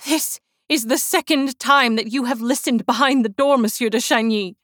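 A woman voicing a frightened young woman who pleads in a high, trembling voice. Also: moderate pace, a bit bright, dry recording, clean studio sound, natural voice. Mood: indignant, alarmed.

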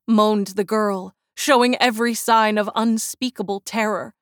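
A woman narrating an audiobook in a measured storytelling voice. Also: medium pitch, fairly even intonation, clean tone, dry recording, studio quality. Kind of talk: scripted narration.

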